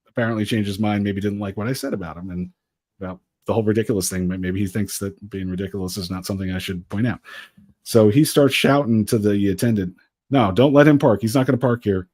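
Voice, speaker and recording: A man co-hosting a podcast, telling a story casually in an animated, exasperated way. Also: fairly low pitch, no room sound, clean studio sound. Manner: animated, exasperated retelling with acted quotes. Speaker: podcast co-host.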